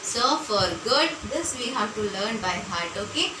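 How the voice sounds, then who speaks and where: A woman teacher explains grammar to children, drawing out each word patiently and often checking that they follow. Her voice sits a little high and moves slowly. It comes from some way off the mic, in an echoey room with noise behind her. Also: lively intonation. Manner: patient, repeats words slowly, frequent "okay, children?" check-ins. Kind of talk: classroom grammar lesson. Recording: echoey room, voice from far off, noisy background.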